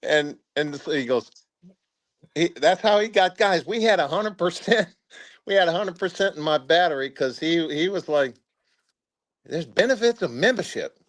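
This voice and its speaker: A man's voice: fairly high pitch, expressive, a bit bright. Older man reminiscing, rambling. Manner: rambling, halting reminiscing with chuckles. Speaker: retired army officer, guest. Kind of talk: casual spoken storytelling interview.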